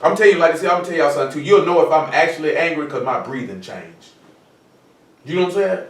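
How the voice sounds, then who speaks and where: A man gives a loose, conversational sermon and keeps checking in with his listeners as he goes. His voice sits high for a man. He is recorded from a distance in an echoey room. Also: expressive, quick pace. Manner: conversational, repeats "you know what I'm saying". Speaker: preacher. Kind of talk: informal sermon teaching.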